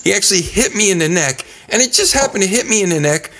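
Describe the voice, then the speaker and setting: A man telling a story in casual chat, animated and profane, laughing often and yelping now and then. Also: high voice, quick pace. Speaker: podcast guest.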